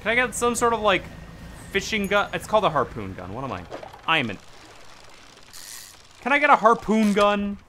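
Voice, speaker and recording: A man's voice: high voice, huge pitch swings, moderate pace, long pauses, pushed and bright, slight background noise. A man streaming a fishing game, chatting casually to himself and swearing, talking back to the characters on screen. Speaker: gaming streamer. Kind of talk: casual gameplay commentary.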